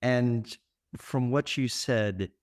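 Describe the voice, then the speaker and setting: A man hosting a podcast interview, speaking in a measured, affirming way. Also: medium pitch, a little mellow. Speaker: podcast host.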